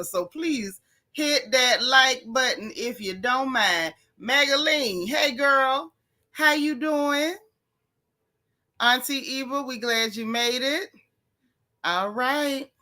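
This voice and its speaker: A woman hosting a casual livestream, greeting viewers one by one in a lively, chatty way with slang. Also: high-pitched. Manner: lively, chatty, Southern Black American slang. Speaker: livestream host.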